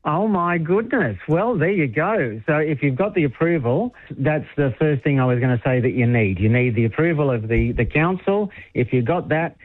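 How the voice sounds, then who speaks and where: A New man with a fairly high, lively voice calls in to a radio show. He chats and coaches in an animated, laughing way. His voice comes through dull and lo-fi. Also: moderate pace, few pauses, dry recording. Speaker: town crier guest on phone. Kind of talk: casual radio chat. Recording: lo-fi phone-line sound.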